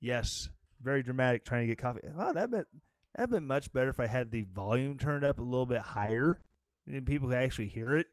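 A man's voice: mid-range voice, expressive, fast talker, no room sound. A man hosting his own talk show, ranting in a rambling, sarcastic way. He sounds tired. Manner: sarcastic, rambling, with mocking quoted voices. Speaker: show host. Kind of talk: casual political rant.

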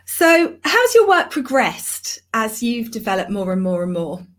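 A woman hosts a casual podcast chat, chiming in and asking questions. Her voice sits high and swings a lot in pitch. She agrees readily and keeps the talk going. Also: big pitch swings, measured pace. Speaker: podcast host.

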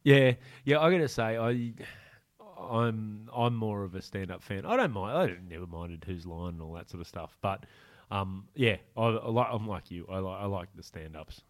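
A man's voice: on the low side, expressive, normal speed. A man hosting a casual podcast, teasing his guest and riffing in mock voices. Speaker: podcast host.

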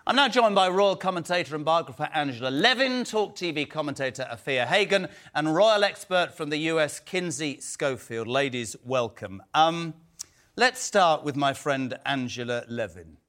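A man hosting a TV debate, asking pointed questions in an emphatic, animated way. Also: a little high, normal speed. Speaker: stand-in talk show host.

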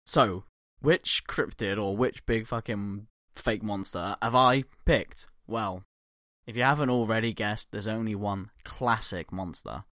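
A man's voice: fairly low pitch, unhurried, fairly bright tone, dry recording, studio quality. A man co-hosting a podcast in casual banter, profane and jokey, laughing often. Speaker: podcast co-host.

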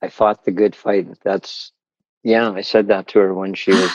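A man with a lowish voice speaks quietly and haltingly, moved by what he hears. The sound is dry and a little dull, like a lo-fi recording. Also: flat delivery, dry recording. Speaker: guest. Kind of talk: conversation during a reading.

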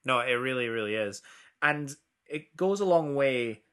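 A man co-hosting a casual chat, talking loosely, restarting sentences and jumping up in pitch when excited. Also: unhurried, clear, resonant tone. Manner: chatty, self-interrupting, big pitch swings when excited. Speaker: podcast co-host.

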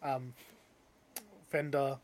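A young man telling a story in casual chat, animated and getting loud when he quotes other people. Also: mid-range voice, drawn-out words.

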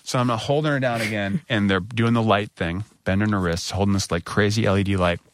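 A middle-aged man casually telling a self-mocking story, acting out other people's lines with big jumps in pitch. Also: steady tone, a little fast.

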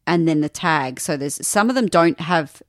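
A woman's voice: deep voice, lively intonation, moderate pace, no echo. A woman guest on a podcast in casual chat, telling stories and teasing the host, recorded on a studio mic. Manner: chatty storyteller, teasing.

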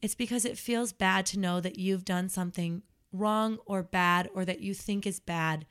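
Young woman nanny chatting, tells stories and does the little voices, medium pitch. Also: steady tone, moderate pace, fairly bright tone, smooth. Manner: storytelling, acts out quoted voices. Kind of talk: casual chat.

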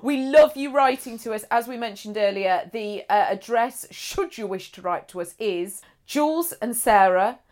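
Lively, playful woman podcaster. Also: on the high side, normal speed, hardly any pauses. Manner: chatty, playful. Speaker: podcast co-host. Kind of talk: casual chat.

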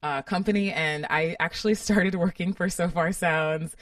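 Bubbly low-voiced woman podcast co-host. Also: normal speed, no echo, studio quality, distant mic. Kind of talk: casual chat.

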